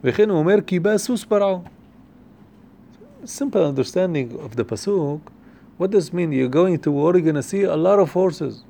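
Fast-talking man teaching Torah. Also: a little high, lively intonation, gravelly, warm tone, slight background noise. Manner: quick, repeats himself and restarts, chanting Hebrew verses fast. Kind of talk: Torah class on the weekly portion.

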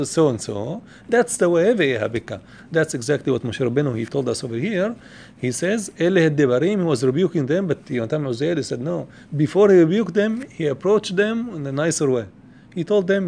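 A man gives a Torah lesson at a brisk clip, his voice sitting a little high for a man. He rattles off quotations in a quick chant and often repeats a word while he finds his phrasing. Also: animated, a little mellow, a little hiss or hum. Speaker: Torah teacher. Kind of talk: Torah class, explaining texts.

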